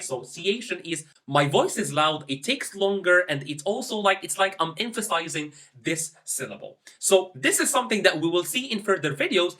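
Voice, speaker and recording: Lively high-voiced man teaching pronunciation. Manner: lively, demonstrative, encouraging. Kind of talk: instructional talk to camera.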